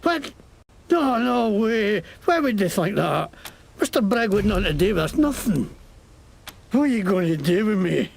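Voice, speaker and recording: Brief: profane Scottish game rogue, high gravelly voice that swings wildly, self-pitying. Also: male voice, big pitch swings, moderate pace, slight background noise, exaggerated voice. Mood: defensive. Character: bitter cornered male Scottish-claiming scoundrel.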